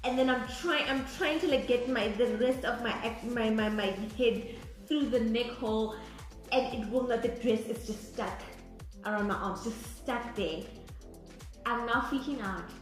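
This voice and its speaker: A woman who co-hosts a couple's channel dramatically retells a story in casual chat, restarting often and breaking into bursts of laughter. Her voice is on the high side and a little slow, recorded in a very echoey room with faint music.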